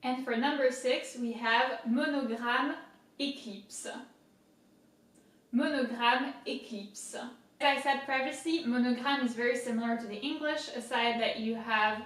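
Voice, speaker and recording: A woman's voice: a little high, fairly bright tone, distant mic. Woman teaching pronunciation in an echoey room. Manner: patient, slow syllable-by-syllable spelling out; light self-mocking humor. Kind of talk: casual video lesson.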